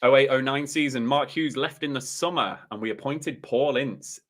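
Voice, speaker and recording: A man's voice: medium pitch, moderate pace, a bit bright. A man hosts a live-stream quiz in an upbeat, chatty manner. He reads out questions, options and rankings in a mid-range voice. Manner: upbeat, chatty, laughs often. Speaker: quiz host.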